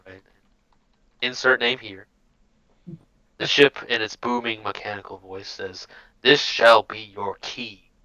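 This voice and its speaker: Gravelly low-voiced game master. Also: male voice, sharp tone, no room sound, muffled recording. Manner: easygoing, steers the table. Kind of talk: narrating a tabletop game.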